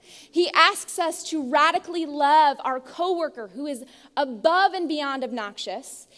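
A woman's voice: sits high, a little slow, fairly bright tone. A young woman preaching a sermon and praying, earnest and storytelling, often restarting her words, heard in a church sanctuary. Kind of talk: sermon with opening prayer. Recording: long hall reverb.

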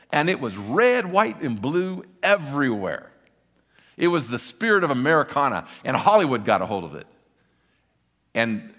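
An older male pastor preaches in an animated, storytelling way, doubling back on words to drive a point home. His voice sits at an ordinary middle pitch for a man. A long reverb trails each phrase, as in a large hall. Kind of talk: sermon.

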